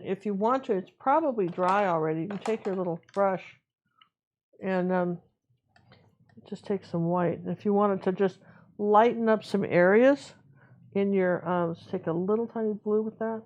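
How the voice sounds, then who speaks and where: Woman painting instructor, casual running commentary, mid-pitched, slightly muffled audio. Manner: relaxed, chatty, talks to herself while working. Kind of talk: live painting tutorial.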